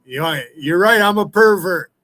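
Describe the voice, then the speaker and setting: A man's voice: high-pitched, normal speed, pushed and bright, low-quality recording. A man hosting a livestream chat, swearing heavily and taunting a viewer in profane trash talk. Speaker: livestream host.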